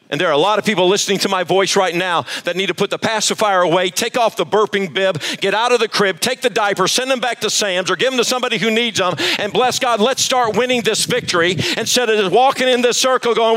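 A pastor preaching to a live church service, emphatic and quizzing the congregation for answers. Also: male voice, high-pitched, fast talker, hardly any pauses, bright, forceful tone. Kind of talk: sermon.

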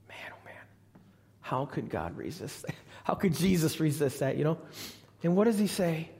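A male pastor preaching a live sermon in a church, swinging from loud, high appeals to hushed, low lines. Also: very animated, normal speed, gravelly. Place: church sanctuary. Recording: long reverb of a church hall.

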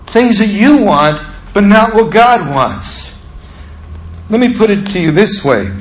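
A male pastor preaching a sermon with animated delivery, acting out the scripture. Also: high-pitched, measured pace, roomy sound.

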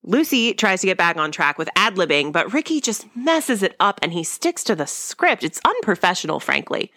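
A woman's voice: fairly low pitch, very animated, normal speed, bright, forceful tone, dry recording, clean studio sound. A young woman hosting a podcast, recapping a sitcom episode in a chatty, wry and opinionated way. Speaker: podcast host.

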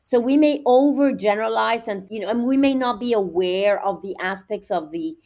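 Woman explaining at a measured pace. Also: fairly high pitch, a little mellow. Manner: measured, explanatory, with repeated restarts. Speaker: education researcher guest. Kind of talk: podcast interview, explaining.

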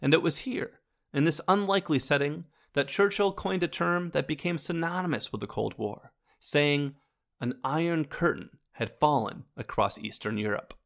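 A man hosting a history show, narrating from a script and turning to his listeners with wry asides. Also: fairly high pitch. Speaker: history podcast host.

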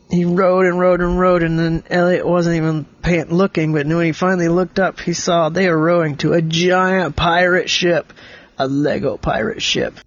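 A man making up a bedtime story for a child, gentle and patient, explaining things simply. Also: on the high side, no room sound, highs cut off.

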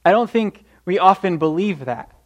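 Young guy preaching, earnest and encouraging, kinda high voice, lots of restarts. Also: animated, moderate pace. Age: young adult. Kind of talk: sermon.

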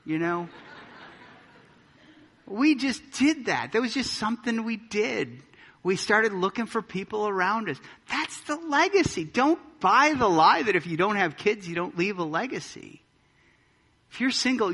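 A man's voice: high voice, pushed and bright, big-room sound. A man preaching a sermon as pastor, emphatic and full of pointed rhetorical questions. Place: church sanctuary.

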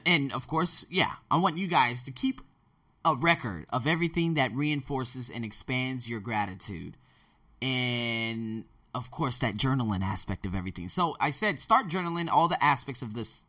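A man's voice: mid-range voice, pushed and bright, no room sound, recorded from a distance. A man hosting a podcast, rambling energetically through a blunt motivational monologue. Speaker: podcast host.

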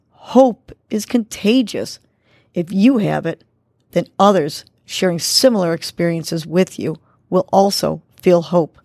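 A woman hosting a morning podcast, guiding a breathing exercise and giving encouraging words in a soothing, steady voice. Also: lowish voice, no echo, clean studio sound. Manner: slow, soothing, encouraging delivery. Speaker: podcast host. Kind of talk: guided breathing and motivational talk.

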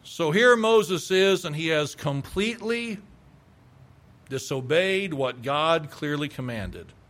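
A man with a somewhat high voice preaches a sermon. He reads scripture and keeps turning to his listeners with rhetorical questions. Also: expressive, takes it slowly, fairly bright tone. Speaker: pastor.

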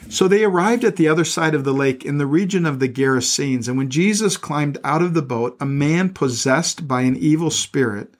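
A man's voice: medium pitch, animated, normal speed. A middle-aged male pastor reading scripture aloud and breaking off into plain, earnest commentary, often repeating words as he goes.

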